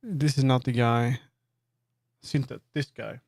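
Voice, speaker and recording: Swedish dude rambling on stream, kinda creaky, dry sound, laughs at himself a lot. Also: male voice, medium pitch, steady tone, a little slow, a little mellow, no echo. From Sweden. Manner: rambling, self-amused, with many restarts. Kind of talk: casual livestream chat.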